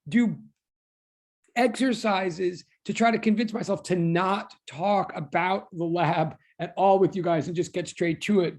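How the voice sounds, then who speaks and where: Physics instructor on a video call, a man with a high, gravelly voice, chatty and self-deprecating. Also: darkish tone. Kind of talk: online class greeting students. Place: online video class.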